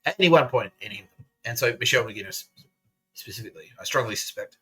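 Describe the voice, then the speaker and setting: Male podcast host, bright edgy tone, profane sarcastic rant with laughs. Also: medium pitch, expressive, fast, breathy edge, low-quality recording. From Australia. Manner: profane, sarcastic, laughs through his words. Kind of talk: casual ranting monologue.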